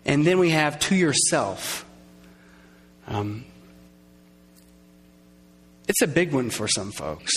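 A man preaching a sermon, conversational and lively, acting out little quoted voices and drawing in his congregation. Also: on the high side, slow pace, pauses often, husky. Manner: conversational, acts out quoted voices, engages audience. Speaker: pastor. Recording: long reverb of a large hall.

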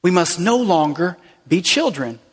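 Male pastor, high voice, casual playful sermon delivery, long hall reverb. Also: sing-song, measured pace, breathy edge. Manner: playful, conversational preaching with asides to a baby. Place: church sanctuary.

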